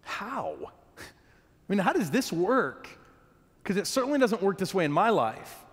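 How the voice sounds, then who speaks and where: High-voiced preaching man in reverberant hall. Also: big pitch swings, slightly rough. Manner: earnest preaching with quick restarts and repeated words. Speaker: pastor. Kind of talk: sermon. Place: church hall.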